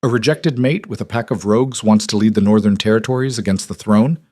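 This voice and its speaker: A man voicing a weathered rebel wolf chief in his fifties with a rough northern mountain accent, dry and commanding. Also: lowish voice, a little fast, mellow, no echo, natural voice. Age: 50s.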